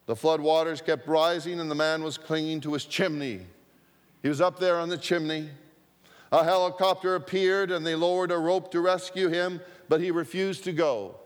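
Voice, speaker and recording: A man preaching a sermon, telling a story slowly and deliberately with repetition for emphasis. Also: a little high. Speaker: pastor. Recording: long hall reverb.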